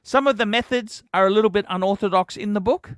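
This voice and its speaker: A man's voice: sits high, fast talker, smooth, dry recording, clean studio sound. A man hosting a livestream, telling a heated, profane story in a ranting chat. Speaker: livestream host.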